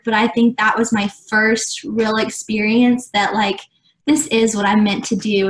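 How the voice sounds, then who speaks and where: A young woman guest in a casual interview, telling a story earnestly, with many fillers, acting out what others said. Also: a little high. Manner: earnest, many "like" fillers, acts out quoted dialogue. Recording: echoey room.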